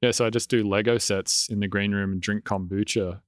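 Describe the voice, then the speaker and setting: Laid-back low-voiced man, rambling casually. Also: steady tone, brisk, dry recording, studio quality. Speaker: electronic music producer. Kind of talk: casual podcast conversation.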